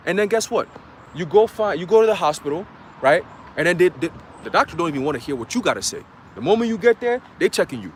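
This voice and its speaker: A man's voice: high voice, animated, brisk, slight background noise. A man preaching an informal livestream sermon in slangy, profane street talk, often checking in with "okay?" and "you know?".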